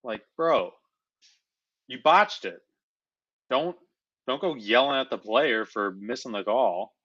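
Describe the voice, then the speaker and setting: A man's voice: medium pitch, expressive, slow pace, fairly bright tone, husky. Laid-back male co-host on a dull mic. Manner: laid-back, drops his voice, many fillers. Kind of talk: casual watch-along chat.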